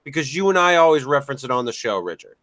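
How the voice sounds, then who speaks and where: A man's voice: mid-range voice, very animated, rapid-fire, a bit bright, slight background noise. A man hosting a podcast, swearing a lot and teasing his co-hosts in crude casual banter. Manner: profane, blunt, teasing. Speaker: podcast host.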